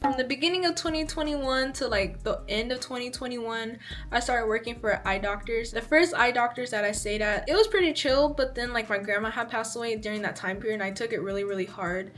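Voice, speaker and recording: A woman's voice: on the high side, fairly quick, a bit bright, faint music behind. A woman in her twenties telling a casual storytime, chatty, with lots of "like" as she acts out what people said. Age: 20s. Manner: chatty, fills speech with "like", acts out dialogue. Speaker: vlogger.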